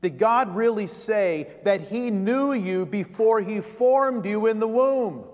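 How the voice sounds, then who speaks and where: High-voiced vicar preaching in a reverberant church. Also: male voice, animated, slow pace, darkish tone. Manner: emphatic, repeated rhetorical questions. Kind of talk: sermon.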